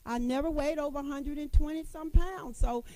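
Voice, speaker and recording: A woman's voice: sits high, normal speed, mellow, no echo, low-quality recording. A middle-aged woman giving a motivational talk to women, folksy and emphatic, repeating her points and calling listeners honey. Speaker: motivational speaker addressing women.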